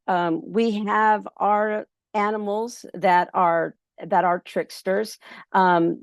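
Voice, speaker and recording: Gravelly-voiced woman telling a folk tale. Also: medium pitch, no room sound, clean studio sound. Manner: relaxed, many ums and restarts. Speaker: storyteller. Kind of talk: oral folk storytelling. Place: festival workshop.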